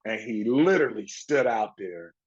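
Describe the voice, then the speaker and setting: Older guy telling football stories, husky voice, lo-fi muffled audio, acts out everyone he quotes. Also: lowish voice, lively intonation, normal speed. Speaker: former pro football player, guest. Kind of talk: casual storytelling interview.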